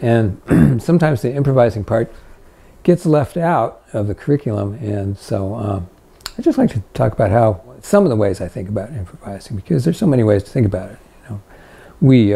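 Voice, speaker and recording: A middle-aged man teaching a relaxed, humorous video lesson on improvising, chatty and full of fillers. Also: on the low side, gravelly, husky. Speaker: fiddle teacher.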